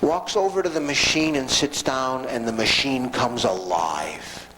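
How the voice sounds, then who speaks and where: A man giving a storytelling lecture to an audience in a folksy, animated way with frequent asides. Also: medium pitch, unhurried, slight background noise, rough recording.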